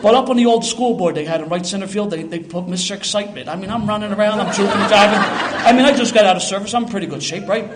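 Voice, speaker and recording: Fast-talking older Philadelphia man. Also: sits high, very noisy. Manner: animated, streetwise, self-mocking storytelling. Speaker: storyteller. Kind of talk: live storytelling to an audience.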